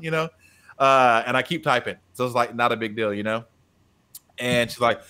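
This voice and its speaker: A man's voice: medium pitch, quick pace. A man telling a classroom story in casual podcast chat, acting out quoted lines with a raised voice. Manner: animated, acts out quotes with a raised voice. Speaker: teacher and podcast co-host.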